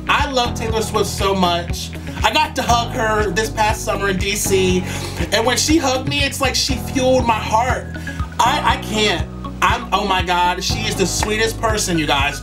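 A young man doing excited reaction commentary, gushing, campy and full of swearing, gasps and shrieks. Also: sits high, far from the mic. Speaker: YouTube reactor. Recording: music video playing loudly behind. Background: pop music.

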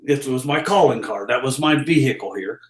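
A man's voice: medium pitch, brisk, roomy sound. A man, a guest in a live interview, telling a story with energy and acting out the quoted lines. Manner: lively, acts out the quoted lines.

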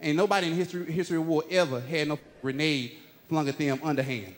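A man doing a stand-up routine, prodding the crowd in a casual, quick delivery. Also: on the high side. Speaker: stand-up comedian. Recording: live hall reverb.

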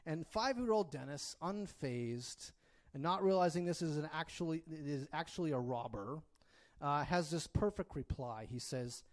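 A man's voice: fairly high pitch, lively intonation, moderate pace. A man preaching a sermon in a conversational way, often checking in with his listeners and delivering it expressively. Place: church.

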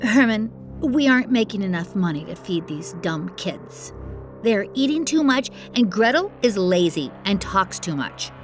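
A woman voicing a cruel, scheming stepmother in a children's storybook reading, bossy and harsh, dropping low when she plots. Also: sing-song, unhurried, soft background music.

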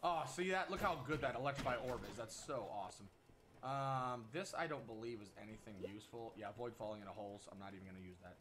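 A man giving casual, excitable commentary while playing a game at home, exclaiming often and talking to himself. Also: medium pitch, fast talker, noisy background. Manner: excitable, frequent exclamations, self-talk. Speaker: gaming channel host. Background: game music.

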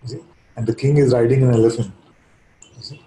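A man giving a calm, reflective spiritual talk, telling a parable and often checking in with his listeners. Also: mid-range voice, fast talker. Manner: calm, reflective, keeps asking "you see?". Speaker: spiritual teacher. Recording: echoey room.

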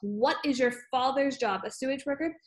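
A woman's voice: sits high, moderate pace, echoey room, close to an everyday voice. A woman reading an audiobook, voicing a huge bullying female headmistress who barks, bellows and sneers. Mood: bellowing.

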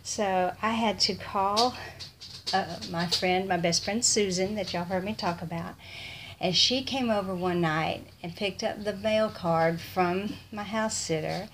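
A woman's voice: medium pitch, unhurried, a little hiss or hum. A woman talking casually in an unboxing vlog. She gasps often and drops into awed whispers. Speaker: vlogger.

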